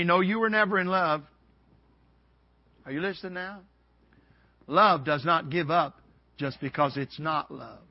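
A male preacher telling stories in a revival sermon. He swings from soft, low asides to loud shouting when he acts out what people said. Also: lo-fi sound.

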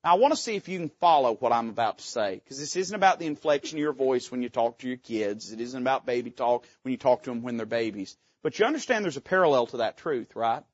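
A pastor delivers an impassioned sermon, his fairly high voice climbing into loud peaks and then dropping to quiet asides. The sound is dry and a little dull, as if recorded close on a modest mic. He speaks with folksy directness. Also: slightly rough, no echo. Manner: impassioned preaching, swinging between soft asides and loud climaxes. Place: church sanctuary.

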